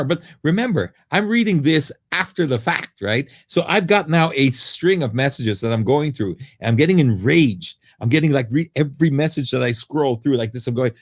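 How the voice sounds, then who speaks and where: A man hosting a live question-and-answer stream, telling a story in a chatty, animated way and acting out the people in it. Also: medium pitch, normal speed, few pauses, dry recording. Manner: animated, acts out the people in his stories; conversational, with frequent asides and fillers. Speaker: host answering viewer questions.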